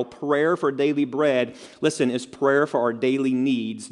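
A man's voice: fairly high pitch, measured pace, hardly any pauses. Man preaching in a reverberant hall. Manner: conversational preaching with asides and rhetorical questions. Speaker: pastor. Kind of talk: sermon. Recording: long reverb of a large hall.

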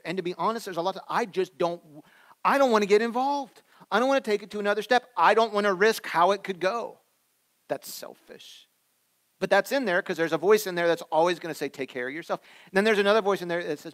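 A man in his thirties, a pastor preaching a sermon in a conversational way, swinging between loud emphatic lines and soft, quiet asides. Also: fairly high pitch.

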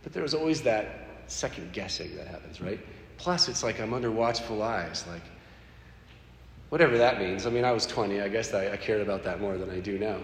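A man sharing a personal faith story in an animated, conversational way. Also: lowish voice, a little fast, vocal fry. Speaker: speaker sharing a personal testimony. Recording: echoey hall with faint background noise.

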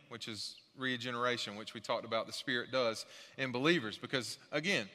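A man's voice: medium pitch, fairly quick, pushed and bright, long reverb tail. A male pastor preaching a sermon in a church, earnest and emphatic, repeating his key points. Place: church sanctuary.

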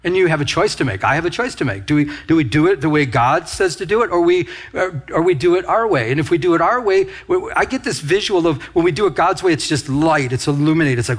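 Pastor, male, husky and fairly high-pitched, preaching in a storytelling manner with asides. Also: lively intonation, quick pace, few pauses. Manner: storytelling with quoted asides and laughter. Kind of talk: sermon.

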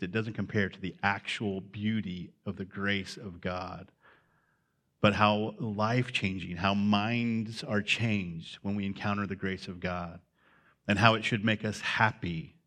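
A low-pitched man gives a sermon in an easy, unscripted way. His pitch sits lower than most men's, and he pauses on fillers as he thinks aloud. He sounds more like he is talking with the room than reading a script. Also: a bit bright. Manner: conversational, unscripted, with frequent fillers. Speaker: pastor.

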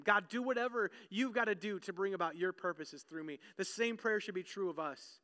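High-voiced, animated preaching man. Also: brisk, few pauses, big-room sound. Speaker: pastor. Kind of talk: sermon.

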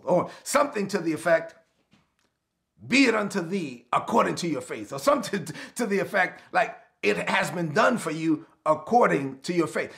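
High-pitched preacher with a gravelly edge. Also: male voice. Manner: lively, repetitive preaching cadence; speaks directly to congregation, asks for responses. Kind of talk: online sermon.

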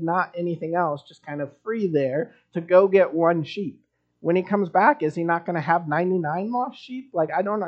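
A man preaching a sermon in a relaxed, conversational way, dropping in wry asides. His voice sits a little high for a man. The recording sounds slightly muffled and lo-fi. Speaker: pastor.

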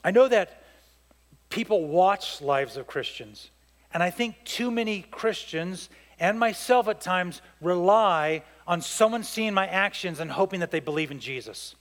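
A man with a fairly high voice preaches a sermon as pastor. He tells stories with animated delivery and acts out the voices of the people in them. The sound carries a long reverb from a church hall. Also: a little slow. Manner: storytelling with acted-out voices, emphatic and animated.

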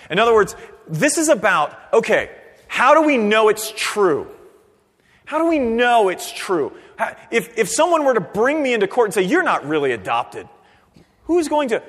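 A man preaching a sermon in a church, animated, swinging from near-shouts down to quiet, earnest tones. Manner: animated preaching, rising to near-shouts then dropping low. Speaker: pastor. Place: church sanctuary. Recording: long reverb of a church hall.

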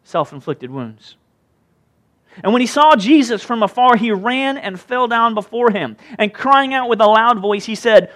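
A male pastor preaching a sermon in an animated, conversational way, with jokey asides. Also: very high-pitched, fairly quick.

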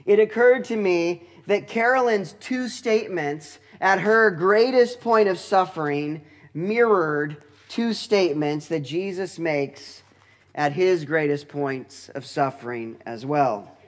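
A man teaching through a Bible passage in a deliberate, explanatory way, with touches of dry humor. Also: sits high.

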